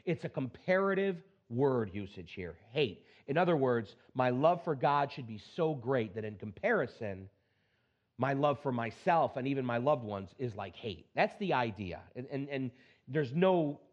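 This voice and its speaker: Male pastor, conversational preaching with animated storytelling, mid-pitched, slightly dull lo-fi sound. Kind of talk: sermon with scripture reading.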